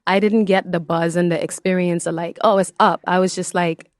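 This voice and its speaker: Lively Bahamian woman chatting. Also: on the low side, fairly quick, no echo, studio quality. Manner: animated, laughs often. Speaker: podcast guest. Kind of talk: casual chat.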